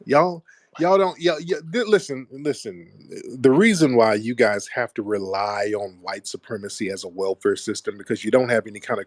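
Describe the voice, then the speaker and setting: A man's voice: medium pitch, dry recording. A man hosting a call-in talk show, laughing and cursing as he mocks what he talks about. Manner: laughing, profane, mocking. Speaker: show host.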